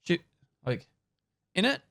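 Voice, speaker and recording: A man streaming live, casually chatting and rattling off viewer names and thanks in quick bursts, loose and joking with the odd swear, into a close desk microphone. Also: a bit bright, dry recording. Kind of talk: casual live-stream chat, reading out subscriber thank-yous.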